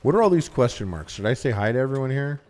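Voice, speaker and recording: A man's voice: medium pitch, expressive, fast, a little mellow. A man livestreaming a game with casual, profane, joking commentary, often mimicking the characters.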